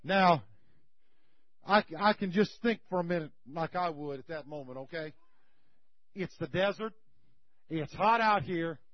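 Preacher, high voice, folksy storytelling, dry muffled sound. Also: male voice, measured pace, long pauses, dry recording. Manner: folksy, animated retelling. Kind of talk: sermon storytelling. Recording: slightly muffled recording.

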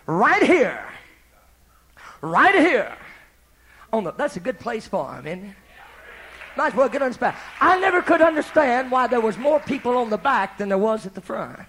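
A male pastor telling a story in a sermon, folksy and animated, moving from hushed asides to shouting. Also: extremely high pitch, fairly quick.

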